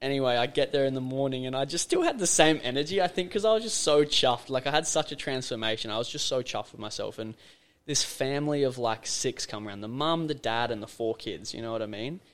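A man's voice: mid-range voice, fast talker. A young man with an Australian accent, a podcast guest telling a story in a loose, slangy way, full of fillers. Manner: animated, slangy, lots of fillers. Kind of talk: casual storytelling chat.

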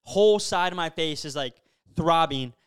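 A young male podcast host with a high, smooth and resonant voice. He tells a story in relaxed, animated chat and leans on casual fillers. His delivery is loose and conversational. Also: normal speed. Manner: animated, filler-heavy storytelling with frequent "bro" and "like".

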